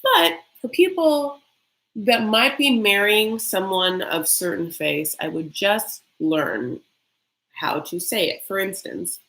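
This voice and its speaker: A young woman rants through a reality-TV recap in a blunt, sassy, profane way. Her voice sits at an ordinary middle pitch, and she drops into quick mocking impressions of the people she talks about. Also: expressive, gravelly, a bit bright. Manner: mocking, with quick acted-out quotes. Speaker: recap vlogger.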